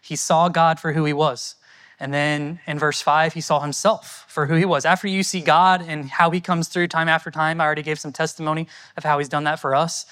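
A man's voice: on the high side, little pitch movement, fairly quick, fairly bright tone. A man from the United States, a missionary answering audience questions at a church in an earnest, conversational and thankful way.

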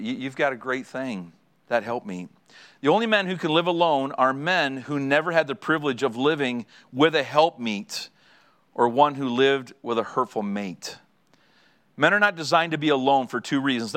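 Animated, joking middle-aged male pastor. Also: on the high side. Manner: animated storytelling, acting out conversations; joking, draws audience laughter. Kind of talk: sermon.

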